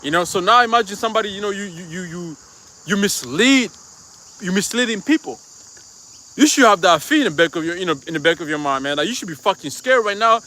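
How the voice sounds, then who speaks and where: A man's voice: high-pitched, lively intonation, quick pace, pushed and bright. A man giving a live-stream sermon in a casual, profane, conversational way, telling a personal story and constantly checking in with the listener. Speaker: preacher.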